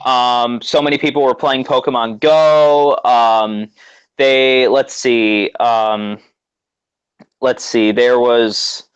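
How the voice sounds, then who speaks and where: A man excitedly recounting a story in casual chat, with many fillers and restarts. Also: medium pitch, takes it slowly, smooth, dull audio. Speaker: guest co-host.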